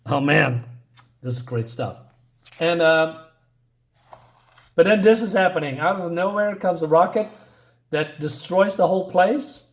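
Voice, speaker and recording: A man gives a casual comic book review, searching for words with frequent hesitations. His voice is mid-high for a man. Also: unhurried, pauses often. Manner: hesitant, many fillers and restarts.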